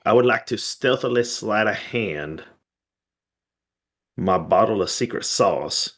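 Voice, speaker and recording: A man's voice: on the low side, animated, slow pace, fairly bright tone. A man playing in a tabletop game, declaring his character's actions with jokes. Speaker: player. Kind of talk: casual tabletop game talk.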